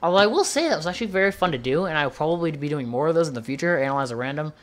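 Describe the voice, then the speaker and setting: A man giving casual, chatty commentary on gameplay, excitedly calling out moves and tossing in "dude" and "bro.". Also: a little high, racing. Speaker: gaming YouTuber.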